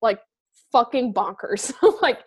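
A woman's voice: fairly high pitch, animated, slow pace, husky. A young woman in casual chat, blunt and full of fillers, swearing often.

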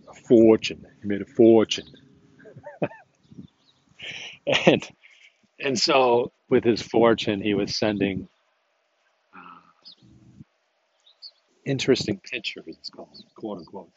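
A man's voice: lowish voice, slightly rough, lo-fi sound. A man in a casual, reflective monologue, thinking aloud and rambling with many restarts.

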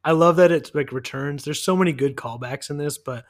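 A man's voice: a little high, a little fast. A man co-hosting a podcast in casual chat, rambling enthusiastically with many "like"s. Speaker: podcast co-host.

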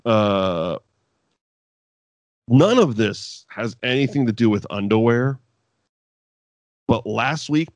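A man's voice: lowish voice, no echo. A man casually recapping an old wrestling show with a co-host, swearing freely and laughing often. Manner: profane, animated, laughs often. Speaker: podcast co-host.

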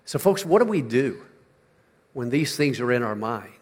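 An older man preaching a sermon, moving from quiet, low-key talk to loud, shouted emphasis. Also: sing-song, normal speed, breathy edge, in a large hall. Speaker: pastor.

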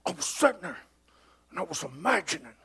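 Hushed, calm young man with a soft drawl, put on by a preacher. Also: a little fast, gravelly, husky, heavily acted. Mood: quietly musing. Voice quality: hushed, low-key drawl.

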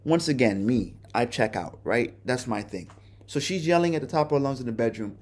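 A man's voice: medium pitch, animated, fairly quick, a little mellow. A man hosting a podcast, telling a personal story in a candid, casual way and cursing often. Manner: candid, profane, conversational. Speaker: podcast host.

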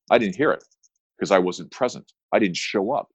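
Man, attorney guest, very low voice, dry close sound, emphatic storytelling. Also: normal speed, breathy edge, no room sound, low-quality recording. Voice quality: energetic, emphatic with repeated punchy phrases. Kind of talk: interview storytelling.

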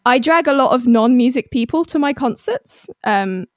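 A woman's voice: fairly high pitch, lively intonation, moderate pace, dry recording, studio quality. A woman composer chatting casually on a podcast, rambling and self-deprecating with plenty of fillers, recorded on a mic with a pop shield. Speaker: composer guest. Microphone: studio mic with pop shield.

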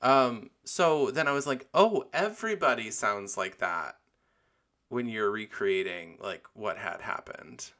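A man's voice: on the low side, lively intonation, a little slow, pushed and bright. A young man hosting his own podcast, chatting candidly with lots of fillers and giggles. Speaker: podcast host. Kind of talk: casual solo podcast chat.

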